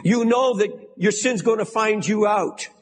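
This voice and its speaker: An older American man preaching a sermon as pastor, emphatic and shouting for stress. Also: high-pitched, measured pace. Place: large church sanctuary. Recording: long hall reverb.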